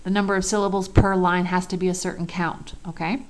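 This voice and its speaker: A woman's voice: lowish voice, little pitch movement, fairly quick. A woman teaching a lecture in an easy, conversational way. She stresses key points, asks the class rhetorical questions, and keeps checking in with "okay" and "all right".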